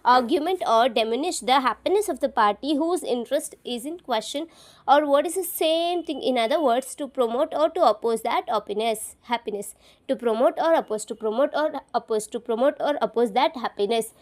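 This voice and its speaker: A woman's voice: sits high, normal speed. A woman tutoring for an exam, repeating each key term several times and spelling words out letter by letter. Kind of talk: study-along lesson, repeating terms aloud to memorize.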